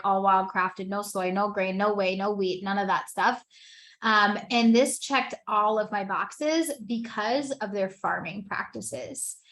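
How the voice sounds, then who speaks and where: A woman's voice: mid-range voice, fairly bright tone. A woman in her thirties giving an earnest, conversational personal testimony as a wellness business presenter, with many "like" fillers.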